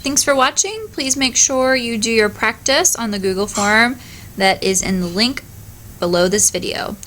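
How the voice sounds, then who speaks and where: A woman's voice: fairly high pitch, moderate pace, fairly bright tone, a little hiss or hum. A woman teacher explaining Spanish verb conjugation in a recorded lesson, patiently modelling each word.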